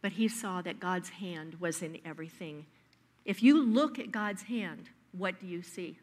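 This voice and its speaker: Woman preaching a lively story-filled sermon. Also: fairly low pitch, a little slow.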